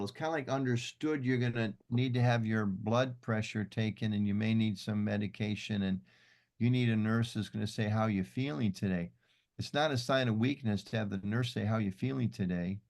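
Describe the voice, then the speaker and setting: A man hosting a conversational discussion, inquisitive and a little self-deprecating. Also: on the low side.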